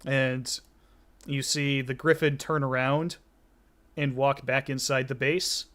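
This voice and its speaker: A man narrating as game master of a tabletop game, relaxed, with many fillers and restarts. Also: mid-range voice, slow pace.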